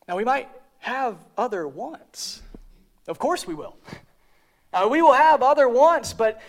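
Male pastor, sermon delivery, light high voice, earnest, repeats phrases, trails off softly. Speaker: preacher.

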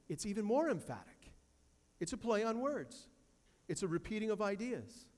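A man's voice: high-pitched, very animated, normal speed, darkish tone, big-room sound. A man preaching a sermon as pastor, emphatic, repeating key phrases and quoting scripture from a church sanctuary.

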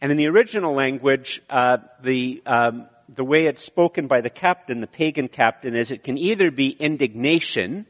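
A man preaches a conversational sermon, his voice at a middle pitch. He often stops and restarts his sentences. A long reverb trails his words through a hall. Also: expressive, moderate pace, dull audio. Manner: conversational, with frequent restarts and fillers. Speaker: pastor.

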